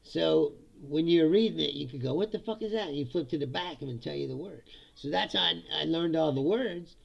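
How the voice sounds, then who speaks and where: A man's voice: fairly high pitch, brisk, gravelly, highs cut off. A middle-aged man hosting his own live stream, chatting casually in a rambling way, laughing often and swearing freely. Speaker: host.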